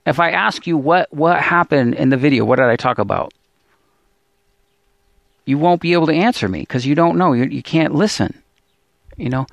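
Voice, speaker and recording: Man, Bible-teacher vlogger, gravelly and somewhat high voice, dry close sound, pleading and discouraged, repeats himself. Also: normal speed, pauses often, dry recording. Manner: pleading, repetitive, stammering restarts. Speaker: Bible teacher and channel host. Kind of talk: emotional religious vlog monologue.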